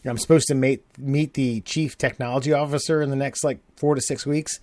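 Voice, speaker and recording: A man's voice: mid-range voice, steady tone, fairly quick, darkish tone, no echo. A man co-hosting a podcast, telling stories in a rambling, casual way with lots of fillers and swearing. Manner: rambling, profane storytelling with frequent fillers. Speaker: podcast co-host. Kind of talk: casual chat.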